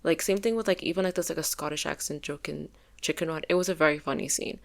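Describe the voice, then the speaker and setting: A woman giving a casual commentary video essay, conversational with frequent fillers, turning animated when she argues a point. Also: sits low, fast, creaky.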